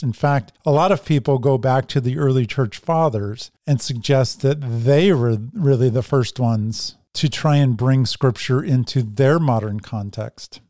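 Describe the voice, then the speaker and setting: A man with a mellow, warm voice gives a conversational Bible lesson. He explains a passage and reads from articles along the way. The recording is dry and close. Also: mid-range voice, dry recording. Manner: conversational lecturing, reads quotes aloud. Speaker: Bible teacher. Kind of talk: teaching talk on scripture.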